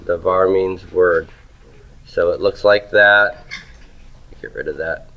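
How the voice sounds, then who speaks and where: A man's voice: deep voice, fairly even intonation, takes it slowly, dull audio. A man teaching Hebrew grammar in a classroom lecture, asking questions and answering them himself.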